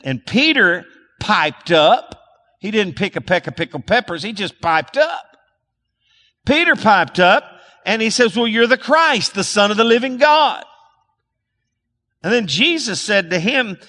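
A man's voice: high-pitched, sharp tone. A man preaching a sermon as a pastor, calling on the congregation to repeat words back, with frequent restarts and fillers. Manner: calls for audience responses, restarts and fillers. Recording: long hall reverb.

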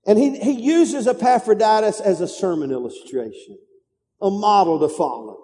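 The long reverb of a large sanctuary hall carries the sermon of a male pastor whose high, dark voice is animated and paced normally. His call-and-response preaching is emphatic, as he pushes the congregation to answer him and echo his lines.

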